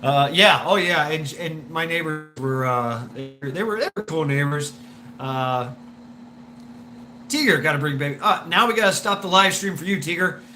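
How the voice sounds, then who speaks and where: A man's voice: on the high side, animated, moderate pace, sharp tone, faint music behind. A man hosting a live stream, telling a story in a rambling way with swearing, laughs and many restarts.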